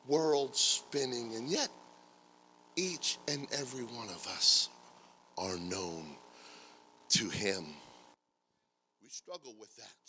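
A male pastor preaching a sermon, swinging from hushed, stammering storytelling to loud, shouted praise. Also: medium pitch, animated, takes it slowly, long pauses, slight background noise, rough recording. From United States. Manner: stammering restarts when storytelling. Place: church sanctuary.

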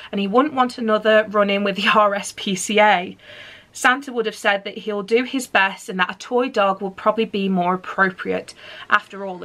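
A woman's voice: mid-range voice, a bit bright. A woman hosting her channel, reading a Christmas story aloud with playful, chatty asides to her listeners.

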